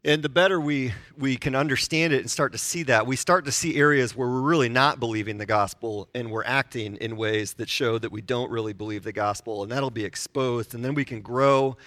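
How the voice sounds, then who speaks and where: A man's voice: medium pitch, brisk, few pauses, fairly bright tone, no room sound. A man in his forties preaching a sermon, conversational and self-deprecating, asking the congregation questions. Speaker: pastor.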